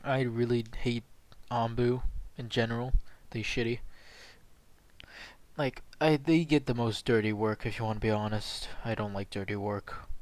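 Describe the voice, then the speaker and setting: A man's voice: mid-range voice, steady tone, normal speed, no echo. Rambling, profane male storyteller, dry sound. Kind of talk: casual improvised fan-fiction narration.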